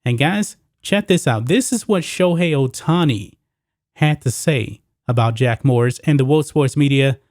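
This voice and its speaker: A man hosting a solo sports commentary show, talking emphatically and pushing his pitch up on the points he stresses. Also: a little slow, darkish tone, dry recording, studio quality.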